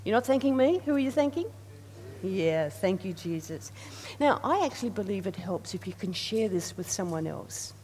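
In a reverberant hall with a faint hum, a woman preaches earnestly, repeating herself and guiding the congregation through call-and-response. She has a mid-range, slightly mellow voice with lively intonation at a normal speed.

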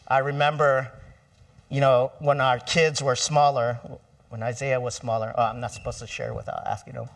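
A man's voice: medium pitch, steady tone, normal speed, gravelly, recorded from a distance. A middle-aged man preaching a sermon in a church, conversational and asking the congregation for responses. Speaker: pastor.

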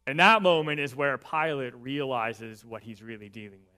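A pastor preaching a sermon and reading scripture aloud, earnest and building emphasis, often dropping in "right" as an aside. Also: male voice, medium pitch, animated, moderate pace, pushed and bright, smooth.

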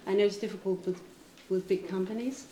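A woman's voice: mid-range voice, steady tone, brisk, dark tone. Echoey woman from Denmark on a panel. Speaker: jewelry brand founder, panelist. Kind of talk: panel discussion answer. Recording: echoey event hall with faint noise.

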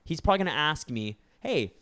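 A man's voice: mid-range voice, animated, a little fast, smooth, no room sound. A young man co-hosting a podcast, telling a story in casual chat and acting out other people's lines.

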